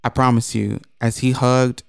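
A man co-hosting a podcast, telling a story in casual chat, animated and profane, jumping into high mocking quotes. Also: measured pace, creaky, clear, resonant tone, dry recording, studio quality.

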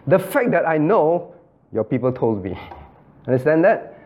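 A male pastor leads a Bible study, his fairly high voice swinging widely in pitch as he questions listeners by name. He repeats key phrases and slips into the voices of the people he quotes. The recording is muffled and lo-fi. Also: big pitch swings, a little slow. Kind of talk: interactive Bible study teaching.

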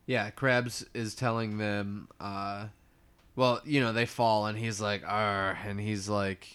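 A man co-hosting a podcast, chatting in a relaxed, joking way as he recaps a cartoon episode. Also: on the low side, slow, clear, resonant tone. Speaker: podcast co-host. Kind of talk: casual episode recap chat.

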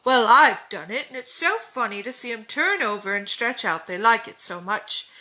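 A woman voicing an eager, shy boy with rough country speech, in a storybook reading. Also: fairly high pitch, animated, moderate pace, bright, forceful tone, low-quality recording. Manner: rustic dropped words, eager.

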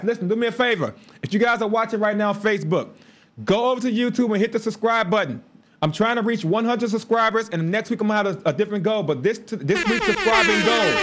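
Guy in his 30s on a livestream, telling stories, high voice, jumps all over. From Chicago. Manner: animated storytelling with laughs and asides. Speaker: livestream host. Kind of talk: casual livestream talk.

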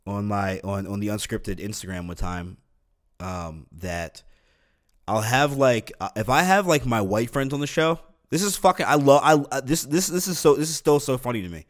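A man's voice: medium pitch, moderate pace. Rambling, profane young man on a podcast. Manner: rambling, profane, full of fillers and restarts. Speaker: podcast host. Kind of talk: casual solo podcast rant.

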